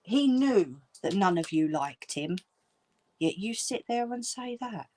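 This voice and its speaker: A woman's voice: medium pitch, expressive, slow, warm tone. A woman ranting angrily at viewers, swearing and scolding. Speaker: channel host. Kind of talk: angry direct-to-camera rant.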